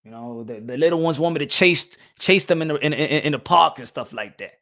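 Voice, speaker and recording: A young man hosts a loose boxing live stream in a high, gravelly voice. He talks in slang, mixes English with Spanish and keeps breaking into excited, animated bursts. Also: brisk. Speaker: boxing channel host. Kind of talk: casual live-stream talk.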